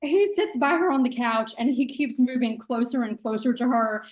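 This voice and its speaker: Woman guest ranting on a podcast, fairly high voice, blunt, swears. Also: normal speed, crowd noise. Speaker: guest co-host. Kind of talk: casual chat.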